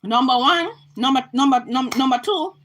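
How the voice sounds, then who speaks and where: A woman's voice: high voice, moderate pace, a bit bright, poor audio. A Jamaican woman giving an impassioned political rant to her camera, emphatic and repetitive, often restarting her sentences. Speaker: vlogger.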